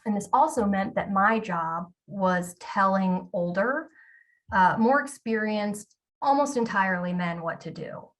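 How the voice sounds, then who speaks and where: A woman's voice: mid-range voice, a little slow, distant mic. A woman in her forties gives a storytelling talk to an audience. She is candid and self-deprecating, with a mid-range voice and occasional ums. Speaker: keynote speaker.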